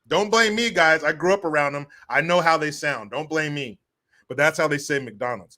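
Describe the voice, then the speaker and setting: A man's voice: fairly high pitch, fairly quick, pushed and bright. A man from California hosting a live-stream commentary show, brash, profane and sarcastic. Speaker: political commentary host.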